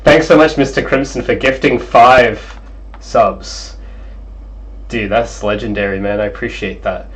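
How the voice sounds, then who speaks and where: A young man streaming as a game developer, chatting casually and excitably, apologizing often, over a cheap gaming headset mic. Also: medium pitch, a little slow, poor audio. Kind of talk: casual livestream chat.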